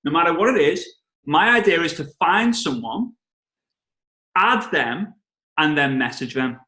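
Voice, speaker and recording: British man, playful trainer, slightly high voice, echoey video call room. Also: expressive, unhurried, sharp tone. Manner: playful, jokey, breaks into song. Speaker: network marketing trainer. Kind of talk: energetic training talk on a call.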